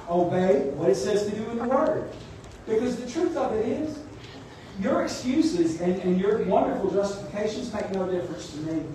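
A man's voice: sits high, mellow, a little hiss or hum. A man preaching a sermon as pastor, emphatic and exhorting his congregation. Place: church sanctuary. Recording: echoey church hall, mic at a distance.

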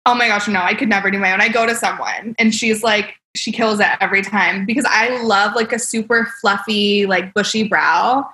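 A woman's voice: medium pitch, moderate pace, hardly any pauses, pushed and bright. A young woman, a makeup artist, telling stories in casual podcast chat, bubbly and laughing often, full of "like". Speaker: celebrity makeup artist guest. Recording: roomy echo.

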